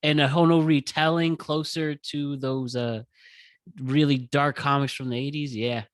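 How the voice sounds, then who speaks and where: A man hosting a podcast, talking calmly and encouraging his guest. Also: on the high side, moderate pace, no echo. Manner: calm, encouraging. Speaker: podcast host. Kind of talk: casual interview chat.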